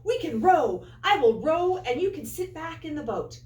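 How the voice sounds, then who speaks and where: A woman voicing a stubborn, excitable little girl with a squealing, emphatic delivery in a storybook reading. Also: high-pitched, normal speed, voice pushed up. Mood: eager. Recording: echoey room, far from mic.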